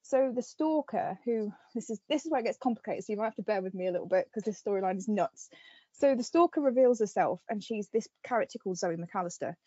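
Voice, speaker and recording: Woman podcast host, lively storyteller, dry close sound, slightly muffled. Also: mid-range voice, fast talker, breathy edge, no room sound. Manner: animated storytelling with lots of fillers. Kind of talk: casual chat.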